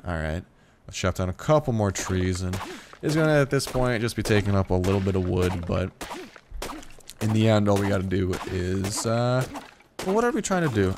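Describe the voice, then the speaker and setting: A gaming YouTuber, a young man with a fairly low voice, gives loose let's play commentary late at night, sounding tired. He rambles, swears freely, restarts sentences and sometimes yelps in startled disbelief, over a slight hiss or hum.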